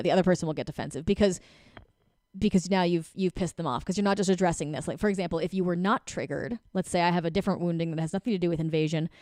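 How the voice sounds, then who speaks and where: Lively woman coaching, low dry voice. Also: dry recording. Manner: animated, acts out quick voices with laughs. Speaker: relationship coach. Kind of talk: casual advice talk.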